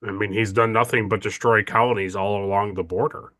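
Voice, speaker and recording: A man's voice: on the low side, steady tone, fairly quick, bright, forceful tone. A man voicing a suspicious male colonist spokesman in a tabletop game who argues back in a defensive, matter-of-fact way. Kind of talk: tabletop role-play.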